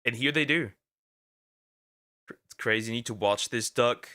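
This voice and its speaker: Here the male vtuber's mid-range voice sounds pushed and bright. Outspoken and ranting, he rambles through his react commentary in a halting way, restarting often and leaning on fillers.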